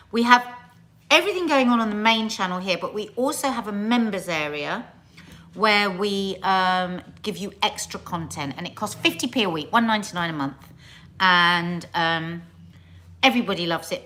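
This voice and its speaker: A woman's voice: fairly low pitch, a bit bright. A middle-aged woman hosts a casual live stream. She chats loosely with her viewers, drifting between topics. Now and then she stretches out their names in a playful sing-song greeting. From England.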